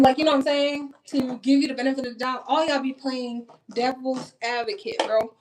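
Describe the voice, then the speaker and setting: A woman's voice: high-pitched, background noise. A blunt young woman from Minnesota chatting casually while getting ready, swearing freely and talking straight to her viewers. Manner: blunt, profane and animated, talks straight to viewers. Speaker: vlogger. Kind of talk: casual get-ready-with-me chat.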